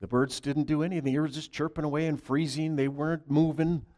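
A man telling a Christmas Eve story as a preacher, in a soft, halting way that drops to a hush. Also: on the high side, flat delivery.

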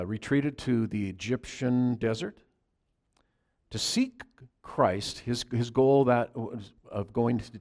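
A man preaching a conversational sermon, moving between loud, emphatic scripture reading and quiet asides to his congregation. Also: on the low side. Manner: chats with the congregation. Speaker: pastor.

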